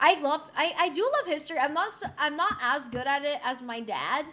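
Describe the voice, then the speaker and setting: A woman from Rico, chatting casually on a live stream. She is excitable and swears freely. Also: high voice, brisk, few pauses, a little hiss or hum. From Puerto Rico.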